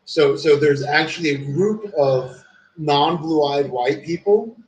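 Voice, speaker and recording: A man's voice: a little high, slow, darkish tone. Profane rambling man in an echoey room. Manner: rambling, profane storytelling with many fillers. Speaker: streamer. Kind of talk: casual chat. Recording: echoey room with faint ambient noise.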